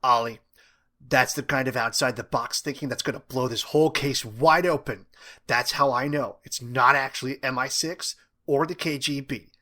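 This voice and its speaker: A man's voice: medium pitch, normal speed, bright, forceful tone, natural voice. A man reading the part of a wisecracking, imaginative teenage boy in a playful, conspiratorial way.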